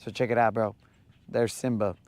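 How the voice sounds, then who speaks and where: A fishing vlogger out in a boat on a lake chats casually and cracks jokes in slang. His voice is lowish and darkish in tone, with a level delivery at a moderate pace. He sounds laid-back, and there's no room sound.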